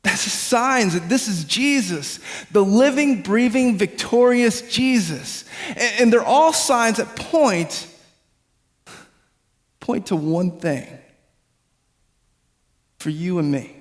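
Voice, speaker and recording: A man's voice: sits high, lively intonation, slow, pauses often. Man preaching casually in a reverberant hall. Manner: casual, repeats words, builds to emphasis. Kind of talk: sermon storytelling.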